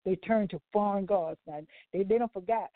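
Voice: mid-range voice, normal speed. A gospel talk show co-host speaks in an emphatic, preaching way, rambling and repeating words, with loose, informal grammar. The voice comes through a thin, phone-like line. The sound is dry, with no room echo. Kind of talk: preaching-style commentary.

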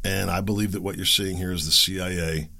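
A male podcast host giving solo commentary, animated and questioning with sarcastic asides. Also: sits low, a little fast, gravelly.

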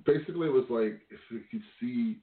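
A man's voice: mid-range voice, expressive. Guy on a podcast fumbling thru a big idea, lots of likes, echoey and tinny. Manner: halting, filler-heavy musing. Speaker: podcast co-host. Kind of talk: casual chat. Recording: echoey room over a tinny line.

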